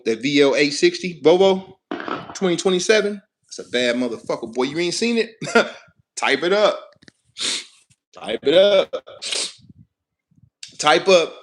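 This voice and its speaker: Man, slightly high voice, casual profane storytelling, rambling, animated. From Chicago, West Side. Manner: animated, cursing, laughing, rambling. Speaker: truck driver telling a story.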